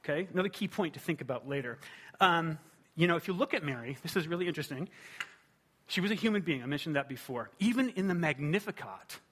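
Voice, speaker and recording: A man preaching a sermon in a conversational, animated way, often asking rhetorical questions. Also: fairly high pitch, breathy edge. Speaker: pastor.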